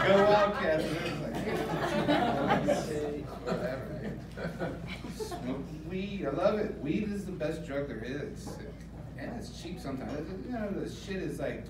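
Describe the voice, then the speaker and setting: A man's voice: fairly high pitch, very animated, slow, recorded from a distance. A man doing a crude, loose stand-up comedy set on a club stage, laughing at his own jokes. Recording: echoey club with crowd noise. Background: audience laughter.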